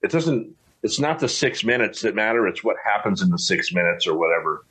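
A man's voice: fairly low pitch, sing-song, brisk, sharp tone, husky. A middle-aged man talking in a casual, rambling, folksy way with frequent restarts. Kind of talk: casual chat.

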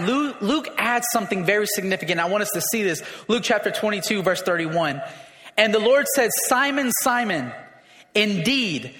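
A man's voice: sits high, a bit bright. A man preaching a sermon as pastor, emphatic and repeating his phrases, calling for responses from the congregation. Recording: echoey hall with long reverb.

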